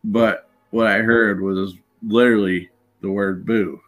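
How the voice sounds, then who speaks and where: A man telling his paranormal investigation stories in a relaxed, anecdotal way, acting out the dialogue. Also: fairly low pitch, a little slow, soft background music. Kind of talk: casual storytelling in an interview.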